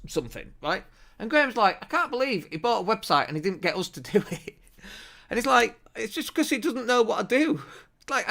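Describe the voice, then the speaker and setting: Energetic man, high bright voice. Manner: energetic, emphatic, talks with his hands. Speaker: host of a marketing show. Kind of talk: to-camera business talk. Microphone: camera on a desk.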